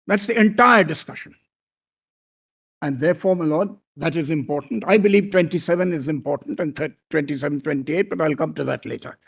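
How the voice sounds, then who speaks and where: An older man with a high, slightly rough and somewhat bright voice with vocal fry argues before a court as a senior advocate. His oral argument is formal and deferential, with repeated "my lord" and plenty of pauses and restarts.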